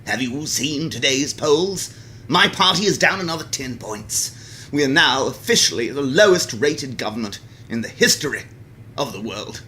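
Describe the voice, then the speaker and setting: A man's voice: medium pitch, animated, normal speed, bright, forceful tone, a little hiss or hum, voice pushed up. A man voicing a stern, exasperated head of state with a pompous manner.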